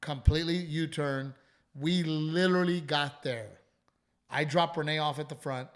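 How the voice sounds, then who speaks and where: A man, hosting a comedy podcast, who tells stories animatedly and swears casually. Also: a little high. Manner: animated storytelling, frequent swearing, quick asides. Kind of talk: casual chat.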